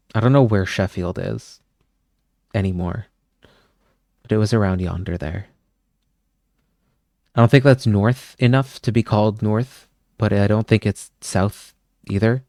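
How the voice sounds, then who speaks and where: A young man from Pennsylvania hosts a live stream, rambling in easy, casual chat and drifting off on tangents. His voice is on the low side and sounds dry and close to the mic. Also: steady tone, measured pace, long pauses, darkish tone, no room sound. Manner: rambling, chatty, wanders off on tangents. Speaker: livestream host.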